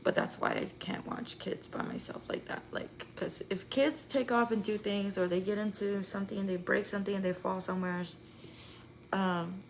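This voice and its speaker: Woman, young adult, live streamer, casual rambling story, fry in the voice. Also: mid-range voice, steady tone, moderate pace, a little hiss or hum, rough recording. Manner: rambling, peppered with "like" and swearing.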